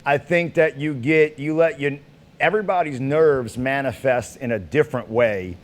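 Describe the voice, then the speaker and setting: A man hosting a casual interview podcast, excitable and teasing, often laughing. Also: medium pitch, moderate pace. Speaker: podcast host.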